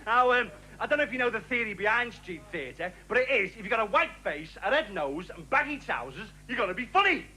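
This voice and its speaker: A man performing a stand-up routine with deadpan, sardonic patter. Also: sits high, fairly quick, hardly any pauses, low-quality recording. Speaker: stand-up comedian.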